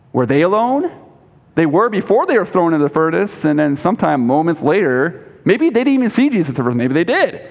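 Emphatic pastor preaching in a reverberant hall. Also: male voice. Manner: emphatic, rising pitch on scripture quotes, asks the congregation questions. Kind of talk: sermon. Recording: dull lo-fi recording with long hall reverb.

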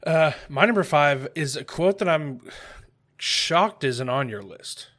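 A man's voice: fairly high pitch, animated, a little slow, fairly bright tone. A man co-hosting a podcast in casual chat, enthusiastic and teasing. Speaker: podcast co-host.

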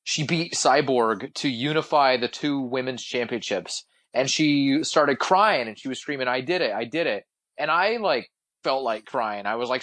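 A man's voice: medium pitch, fairly bright tone. A young man co-hosting a casual podcast, blunt and opinionated, swearing freely. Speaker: podcast co-host.

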